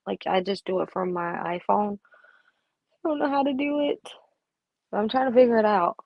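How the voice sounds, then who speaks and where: A woman's voice: mid-range voice, moderate pace, gravelly, no echo, highs cut off. A woman hosting a casual live chat, talking playfully and answering viewers. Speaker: livestream host.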